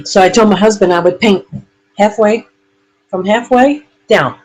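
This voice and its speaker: A woman hosting a relaxed live paranormal chat from a room in her home, rambling and chatty. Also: mid-range voice, measured pace, slightly rough, rough recording. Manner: rambling, chatty, laughs often.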